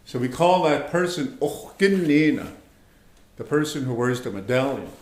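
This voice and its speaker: A man teaching an online language class, speaking slowly and patiently, repeating words and checking in with his students. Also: medium pitch, animated, roomy sound. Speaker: language instructor.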